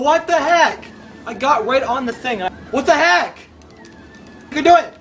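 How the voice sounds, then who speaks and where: A man with a very high, sharp and bright voice talks through his own gameplay. He is excitable, yelping and shouting at every slip and near miss. A faint hiss of noise sits under his voice. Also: normal speed. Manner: excitable, yelps and shouts at failures. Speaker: gamer. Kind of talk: gameplay commentary.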